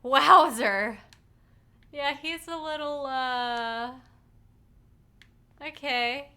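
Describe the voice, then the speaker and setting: Bubbly high-voiced young woman gamer. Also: lively intonation, moderate pace, bright, forceful tone. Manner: playful, talks to the viewer. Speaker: gaming streamer. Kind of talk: let's play commentary.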